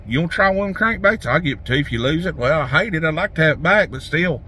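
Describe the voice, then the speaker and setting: Fishing guy rambling outdoors, bright tone, a little background noise. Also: fairly high pitch, expressive, fast talker. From Tennessee. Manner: folksy, rambling, restarts a lot. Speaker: fishing vlogger. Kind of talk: casual rambling talk to camera. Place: outdoors by a lake.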